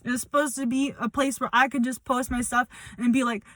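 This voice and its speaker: A woman's voice: sits high, normal speed, hardly any pauses, sharp tone, no echo. A young woman speaking bluntly and confrontationally in a personal update vlog, swearing as she calls someone out. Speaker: vlogger.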